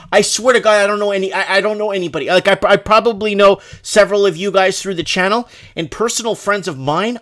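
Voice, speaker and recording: A Canadian man hosts a loose livestream, rambling, restarting sentences and reading viewer emails aloud as he comments casually. His voice sits a little high for a man and has a fairly bright tone.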